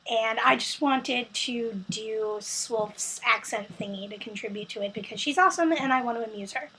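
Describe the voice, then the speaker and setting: A woman's voice: fairly high pitch, moderate pace, sharp tone, slight background noise, low-quality recording. A young American woman, casually chatting and reading a word list for a vlog, with lots of ums and self-corrections. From United States. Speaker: vlogger.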